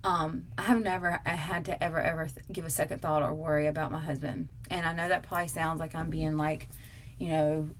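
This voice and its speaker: A woman's voice: low-pitched, fairly even intonation, moderate pace, a little hiss or hum. A young adult woman, chatting casually and emphatically to viewers on a live stream as its host. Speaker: livestream host answering tag questions.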